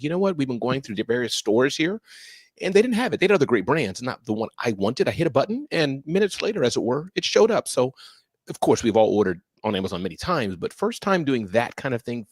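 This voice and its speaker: An older man, a grandfather, chatting as a guest panelist on a live stream in a relaxed, wry, storytelling way. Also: mid-range voice, dry recording. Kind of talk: casual chat.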